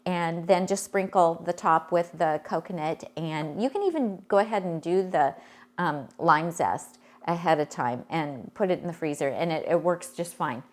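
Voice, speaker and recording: A woman hosting a cooking class webinar, giving relaxed, chatty step-by-step instructions. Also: fairly low pitch.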